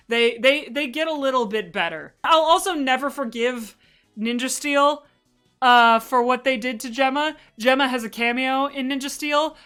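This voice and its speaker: Bright, chatty woman presenter. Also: a little high, normal speed, clean tone, faint music behind. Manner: rambling, enthusiastic, talks in asides. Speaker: streamer presenting a fan slideshow. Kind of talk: casual livestream presentation.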